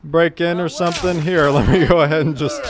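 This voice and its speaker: A man's voice: fairly high pitch, steady tone, fairly quick, background noise. A man casually commentating while streaming a video game, joking, sarcastic and rambling.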